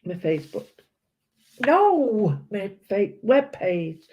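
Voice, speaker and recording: A British art vlogger with a slightly low voice talks at an unhurried pace while she colours. She chats and rambles casually, frequently correcting herself, and the recording has a dull, lo-fi quality.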